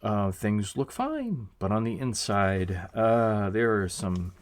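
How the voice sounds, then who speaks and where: A man giving a casual, reflective album review, unhurried and full of fillers, swearing now and then. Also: fairly low pitch, very animated. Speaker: music reviewer.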